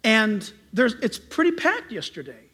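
A middle-aged pastor preaching a sermon, telling stories in an animated way and acting out loud greetings. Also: male voice, sits high, a little slow, breathy edge.

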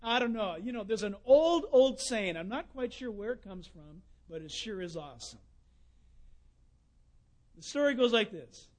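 A man preaching a sermon, telling folksy stories and swinging between loud bursts and hushed asides. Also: high-pitched, expressive, moderate pace.

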